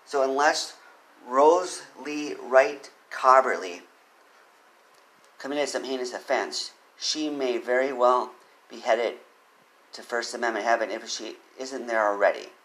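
A man giving spoken commentary on a legal case, earnest, reading quotes quickly and pressing his points with emphasis. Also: mid-range voice, fairly bright tone, poor audio. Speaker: commentator on court cases.

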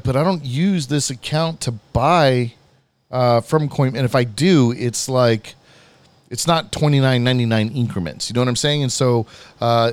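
A young man hosting a podcast, telling a rambling story about his day with lots of swearing and animated retelling. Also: medium pitch, no room sound. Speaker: podcast host. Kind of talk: casual storytelling chat.

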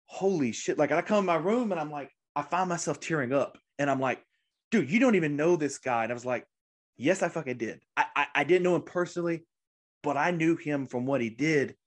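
A man's voice: on the high side, lively intonation, fairly quick. A man in his twenties, a podcast host, telling a rambling, emotional story in casual chat, with many restarts. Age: 20s.

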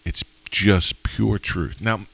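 A man's voice: sits low, takes it slowly, creaky, a bit bright, breathy edge. A man co-hosting a casual faith discussion, speaking emphatically and pressing with questions. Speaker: podcast co-host.

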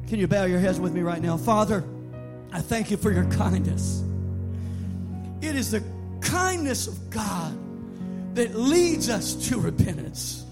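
High-voiced man preaching over music. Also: expressive, measured pace. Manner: emphatic, builds to shouted declarations. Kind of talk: sermon. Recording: sermon over background music.

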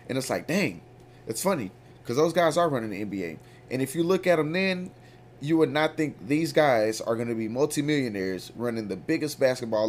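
A man hosting a podcast, chatting casually in a loose, slangy way with drawn-out stories. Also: mid-range voice, a little mellow, a little hiss or hum. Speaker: podcast host.

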